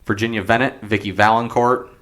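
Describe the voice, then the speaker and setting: A man's voice: lowish voice, steady tone, a little fast, fairly bright tone. A man co-hosting a sports podcast, talking in a casual, rambling way with frequent hesitations. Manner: rambling, hesitant, many ums. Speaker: podcast co-host.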